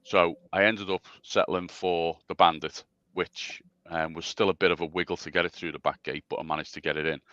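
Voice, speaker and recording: Deep-voiced man chatting casually about bikes. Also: fairly even intonation, fairly quick, few pauses, bright, forceful tone, no echo, lo-fi sound. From England. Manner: rambling, self-deprecating, stammering restarts. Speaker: special guest. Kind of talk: casual chat on a livestream.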